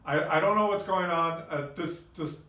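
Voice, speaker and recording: High bright-voiced canadian guy telling a story, lots of uhs, sounds far off the mic. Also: moderate pace. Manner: animated, exclaiming, lots of filler words. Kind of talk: casual personal storytelling. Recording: echoey room, off-mic.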